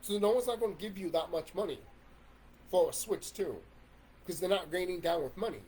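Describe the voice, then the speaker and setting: A man's voice: high voice, brisk, a little mellow, a little hiss or hum. A man in a casual ranting monologue about video games, swearing and rambling with restarts. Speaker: YouTube commentator.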